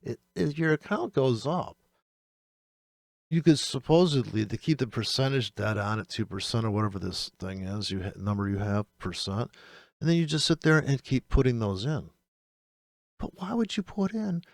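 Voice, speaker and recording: A man on a trading channel tears into other people's strategies in an exasperated, profane rant. His pitch swings widely from one phrase to the next. The recording is close and dry, with almost no room sound. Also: expressive, moderate pace, creaky, dry recording. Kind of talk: ranting commentary on trading videos.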